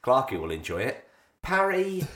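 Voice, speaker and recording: A man's voice: lowish voice, expressive, fairly quick, a bit bright, echoey room. A man hosting a casual podcast chat, rambling and self-interrupting with dry jokes. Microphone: headphones on, studio mic.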